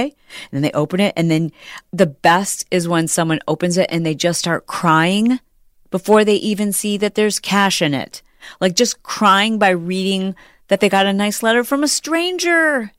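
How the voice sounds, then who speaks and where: A middle-aged woman hosting a podcast, telling a story in an animated, chatty way and acting out the people she quotes. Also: lowish voice, normal speed, no echo, studio quality. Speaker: podcast host. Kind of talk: casual chat.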